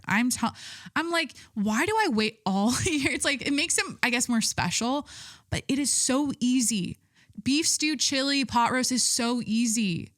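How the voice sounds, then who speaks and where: A woman's voice: on the low side, no room sound, studio quality. A woman in her thirties hosting a solo podcast, chatting casually and rambling, with frequent swearing and filler words. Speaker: podcast host.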